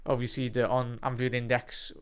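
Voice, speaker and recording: A young man hosting a live football watch-along, chatting to his viewers and breaking into excited commentary. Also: mid-range voice, moderate pace, clean tone. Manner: excitable, bursts into loud rising commentary during attacks; chatty, addresses the live chat by name.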